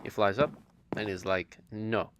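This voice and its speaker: A man narrating a video game adventure in a deliberate, deadpan monotone narrator voice. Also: fairly low pitch, background noise. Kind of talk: comic gameplay narration.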